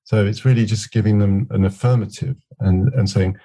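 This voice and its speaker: A middle-aged man, a scrum master guesting on a podcast, speaks in a lowish, dark, slightly rough voice with fairly even intonation and moderate pace. He tells reflective anecdotes in a conversational interview, quoting both sides of exchanges.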